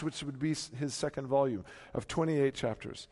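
A male pastor preaching a sermon, swinging from hushed reading to loud emphatic peaks. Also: mid-range voice, normal speed, few pauses. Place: church. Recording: long hall reverb.

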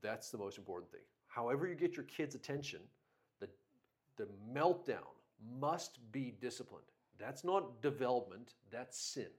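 A man's voice: mid-range voice, sing-song, moderate pace. A man co-hosting a parenting discussion, talking in a firm, instructive way. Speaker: co-host, parent.

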